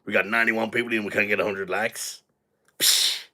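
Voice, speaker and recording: A man's voice: lowish voice, steady tone, fairly quick, pushed and bright. A British man putting on a crude, cocky American character with a put-on American accent, swaggering and vulgar on a live stream. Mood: boastful.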